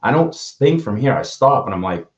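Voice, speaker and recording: A man's voice: medium pitch, sing-song, moderate pace. A man who speaks at schools, telling stories in a casual conversation, earnest and often restarting his sentences as he acts out what people said. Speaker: motivational speaker. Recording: dull lo-fi sound.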